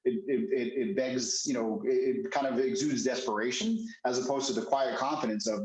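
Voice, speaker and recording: A man hosting a podcast interview, responding to his guest with warm enthusiasm. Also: medium pitch, fairly even intonation, normal speed, hardly any pauses. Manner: enthusiastic, affirming. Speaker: podcast host. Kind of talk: casual interview chat. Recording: echoey room.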